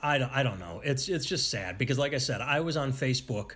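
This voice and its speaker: A man's voice: mid-range voice, lively intonation, fast, a bit bright, husky. A man in a casual political chat who sounds frustrated and rambles, breaking off and restarting his sentences.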